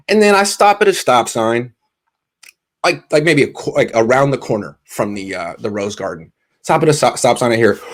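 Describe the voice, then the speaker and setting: A man telling a casual, animated, self-deprecating story to camera, stumbling and restarting often. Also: medium pitch, normal speed. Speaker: sports insider and vlogger.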